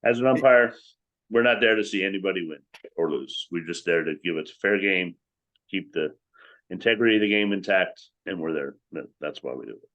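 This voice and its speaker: Brief: easygoing male guest, lowish voice, muffled lo-fi call audio. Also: a little fast, fairly bright tone. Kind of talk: casual interview chat. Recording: dull lo-fi sound.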